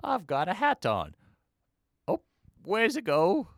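A man's voice: sits high, huge pitch swings, takes it slowly, gravelly, no echo, studio quality, voice pushed up, full character voice. A man putting on a British accent to voice a bumbling, giddy man who keeps losing his hat. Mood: silly. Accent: put-on British.

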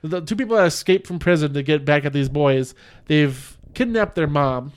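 A man's voice: fairly high pitch, animated, moderate pace, clean tone. A man casually recapping a film on a podcast, rambling with many fillers and restarts, and acting out lines from the story. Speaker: podcast host. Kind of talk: casual movie recap chat.

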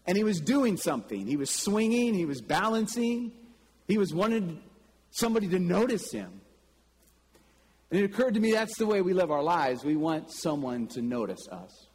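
A man preaching a sermon, telling stories in a slow, deliberate way and breaking into sudden loud calls. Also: high voice, sing-song, slightly rough. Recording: long reverb with faint ambience.

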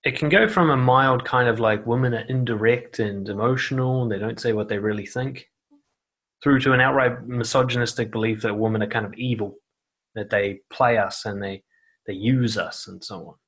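A man's voice: medium pitch, fairly even intonation, normal speed, fairly bright tone. Blunt, swearing man giving dating advice. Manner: blunt, swears casually, acts out quoted voices. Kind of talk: casual advice monologue to camera. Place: seated indoors on a noisy chair.

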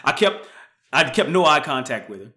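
A man hosting a podcast, telling a story casually, swinging from muttered asides to loud, animated bursts. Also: medium pitch, moderate pace. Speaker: podcast host.

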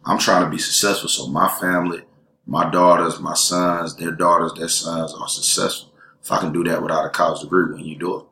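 A man with a very low voice talks casually as a guest, emphatic and streetwise. His words run on in bursts. The room around him rings with echo. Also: little pitch movement, a little fast, bright, forceful tone, slight background noise. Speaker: elementary school teacher and interview guest. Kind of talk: casual chat. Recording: roomy echo.

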